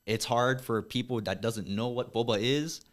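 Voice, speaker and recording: A man, a podcast guest who runs a boba shop, talking casually and quickly with lots of "like" and some swearing. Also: mid-range voice, steady tone. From West Texas. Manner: fast, loose, swears freely, lots of "like". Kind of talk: casual chat.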